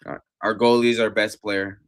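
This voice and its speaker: A man watching a soccer match and reacting live, profane and swinging from shouted outbursts to low muttering. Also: little pitch movement, moderate pace, no room sound, studio quality.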